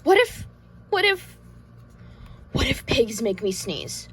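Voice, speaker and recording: A woman's voice: a little high, sing-song, takes it slowly, a bit bright, a little hiss or hum, exaggerated voice, rough recording. A woman voicing a worried, anxious male elephant in a storybook read-aloud, talking in a fretful, dramatic way.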